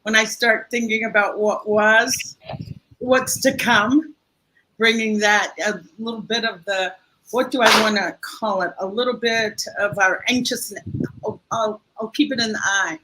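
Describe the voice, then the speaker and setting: An older woman, a guest in a conversational interview, tells a heartfelt story with lively expression. Her voice sits on the higher side and sounds strikingly bright and forceful. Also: unhurried, a little hiss or hum, low-quality recording.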